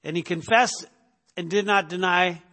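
Bright-voiced preacher in an echoing hall. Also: male voice, sits high, normal speed. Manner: conversational, repeats words and asks "right?" often. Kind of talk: sermon teaching.

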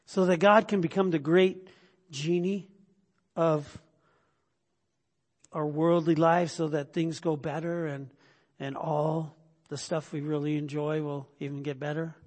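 A man's voice: fairly high pitch, fairly even intonation, a little slow, pauses often, a little mellow. A middle-aged male pastor preaching a conversational sermon, full of restarts and sudden bursts of emphasis. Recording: long hall reverb.

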